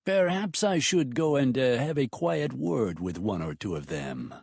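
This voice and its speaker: A man's voice: mid-range voice, very animated, measured pace, gravelly, darkish tone, husky, dry recording, studio quality, heavily acted. A man voicing a smug, whiny foreign ex-husband with a reedy voice in an audiobook. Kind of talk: audiobook character voice.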